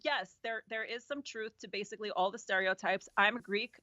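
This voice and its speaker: Blunt bright-voiced woman guest. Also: medium pitch, steady tone, normal speed, highs cut off, a little hiss or hum. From New York. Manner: blunt, candid, swears, laughs often. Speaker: podcast guest. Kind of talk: casual chat.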